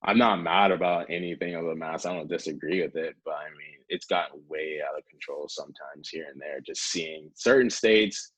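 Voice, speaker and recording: A man's voice: rumbling low, normal speed, few pauses, a bit bright, husky, no room sound, poor audio. A young man from North Carolina, a guest telling stories casually, rambling and peppered with filler words. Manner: rambling, peppered with 'like', acts out quotes. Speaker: guest, pro hockey player. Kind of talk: casual storytelling.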